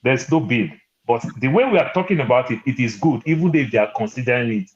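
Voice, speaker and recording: A man's voice: medium pitch, expressive, quick pace, dull audio. A man on an online panel, cutting in insistently to make his point. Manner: insistent, interjecting.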